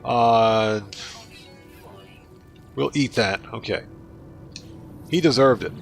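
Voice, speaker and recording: A man's voice: medium pitch, drawn-out words, vocal fry, soft background music. Chatty man streaming a game. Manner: chatty, talks to viewers by name while playing. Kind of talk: casual livestream gaming commentary.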